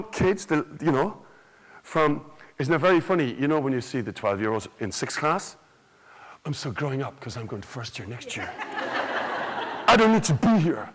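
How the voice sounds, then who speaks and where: Animated Irish storyteller man. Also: medium pitch, a little hiss or hum, low-quality recording. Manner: animated, theatrical, jokes and quizzes the audience. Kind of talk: conference talk. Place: conference stage before a live audience.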